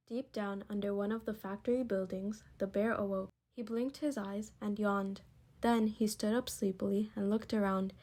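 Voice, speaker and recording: A woman reading a picture book aloud, expressive, slowing and lifting her voice for emphasis. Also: medium pitch, noisy background. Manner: expressive, slows and rises for emphasis. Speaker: storybook reader.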